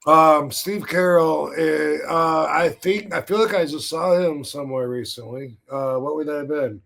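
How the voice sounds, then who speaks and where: A man's voice: on the high side, moderate pace, creaky, fairly bright tone. A man hosting a podcast, telling a story in a laid-back, casual way, swearing freely and laughing now and then. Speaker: podcast host.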